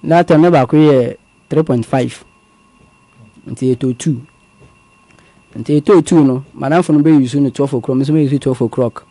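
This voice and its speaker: A man, calmly recounting a personal story as a guest in a conversational interview. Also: mid-range voice, moderate pace, pauses often, dry recording. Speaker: guest telling his story. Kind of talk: conversational testimony.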